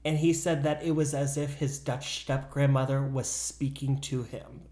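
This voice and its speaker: An animated man recounting a haunting on a chatty podcast. He slips into the voices of the people in his story. His voice rings in a roomy space, at a middling pitch. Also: moderate pace. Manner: animated, acts out voices in quotes. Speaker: podcast co-host. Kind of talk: casual storytelling chat.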